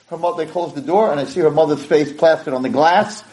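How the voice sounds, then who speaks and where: A man's voice: fairly high pitch, animated, quick pace, gravelly, few pauses, a little mellow, poor audio. A male rabbi delivering a dramatic storytelling sermon, emotional and vivid.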